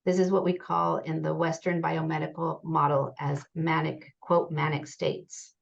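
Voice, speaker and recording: Gravelly low-voiced woman presenting research. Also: little pitch movement. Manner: measured, reads quotations aloud. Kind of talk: academic presentation reading interview quotes. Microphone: video call. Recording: dull lo-fi video call audio.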